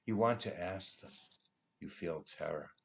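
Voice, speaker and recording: A man with a low, deep voice gives a measured reading of a prose poem. He lets phrases fall away into hushed, almost whispered endings, taking his time over every line. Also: vocal fry. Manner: hushed, trailing into near-whispers at line ends. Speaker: poetry reader at a benefit concert. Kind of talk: slow dramatic recitation of a prose poem.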